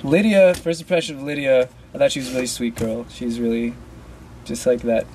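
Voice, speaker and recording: A young man answering fan questions in a relaxed, rambling way that is full of fillers. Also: mid-range voice, brisk, a little hiss or hum. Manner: laid-back, loose, full of "like" fillers. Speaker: dance crew member answering fan questions. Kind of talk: casual Q&A.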